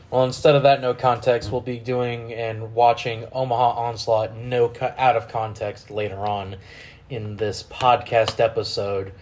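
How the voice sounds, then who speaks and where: A man hosting a casual podcast, telling stories in a profane, animated way. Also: medium pitch. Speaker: podcast host.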